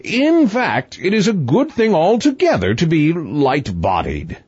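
A man's voice: on the high side, wildly swooping pitch, normal speed, husky, no room sound, muffled recording, pitched above the performer's own voice, full character voice. A man voicing a pompous, argumentative fairy-tale king in a storybook reading, with blustering, self-satisfied declaiming. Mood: triumphant.

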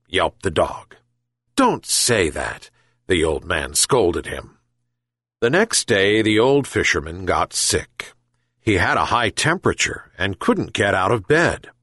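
A man reads a children's folk tale in slow, careful storybook narration. His voice swings widely up and down as he tells it. The sound is close and dry. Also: lowish voice, no echo. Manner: slow, very lively reading. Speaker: audiobook reader.

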